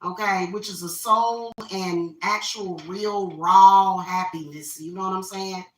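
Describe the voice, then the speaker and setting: A woman's voice: mid-range voice, measured pace, bright, forceful tone, recorded from a distance. A woman venting her opinions in a casual rant while she carves a pumpkin. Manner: opinionated, venting, repeats herself. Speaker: spiritual reader and vlogger. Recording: roomy echo, voice off-mic.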